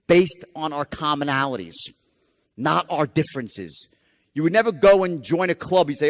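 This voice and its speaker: A man's voice: on the high side, animated, a little fast. A man giving a live sales training seminar, emphatic and profane, firing rhetorical questions at the audience. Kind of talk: live motivational seminar lecture. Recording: long hall reverb.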